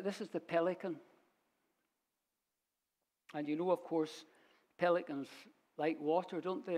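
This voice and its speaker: A man teaching a Bible sermon in a church, unhurried and storytelling as he quotes verses. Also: on the high side, darkish tone. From Scotland. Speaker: preacher.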